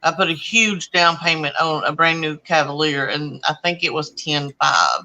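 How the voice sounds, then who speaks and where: A woman with a very bright, edgy voice chats casually as host. She tells her stories in an animated way and plays out each quoted line with its own voice. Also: low-pitched, normal speed, poor audio. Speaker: channel host. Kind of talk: casual chat.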